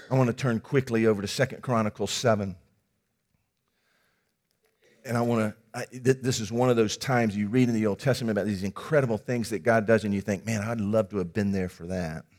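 A man preaching a sermon to his congregation, swinging from hushed passages to loud, emphatic ones with folksy asides. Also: medium pitch. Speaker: pastor.

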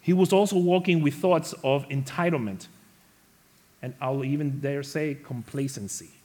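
A man preaching a sermon to his congregation, animated, acting out the quoted characters and rising to loud emphasis. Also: fairly high pitch, moderate pace. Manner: speaks to the congregation as church family. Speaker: pastor.

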